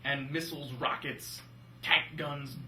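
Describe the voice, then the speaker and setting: A young man co-hosting a casual movie-review chat, animated and jokey. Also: fairly high pitch, a little slow, a little hiss or hum. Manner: animated, jokey, slips into silly voices. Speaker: film review podcast co-host. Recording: roomy room from a distance.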